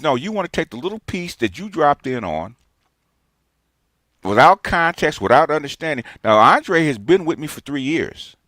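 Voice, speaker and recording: A man's voice: on the high side, a bit bright, dry recording, clean studio sound. A man in his sixties gives a ranting, lecturing response monologue as a streamer, emphatic and repeating his points. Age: 60s.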